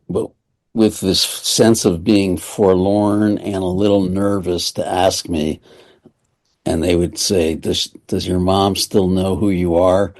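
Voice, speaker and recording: Deep-voiced reflective man. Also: darkish tone. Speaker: guest author. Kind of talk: conversational interview.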